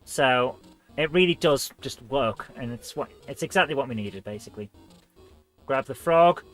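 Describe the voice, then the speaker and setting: A man's voice: medium pitch, animated, normal speed, soft background music. A man hosting a live retro gaming stream, chatting in a rambling, self-mocking way as he plays.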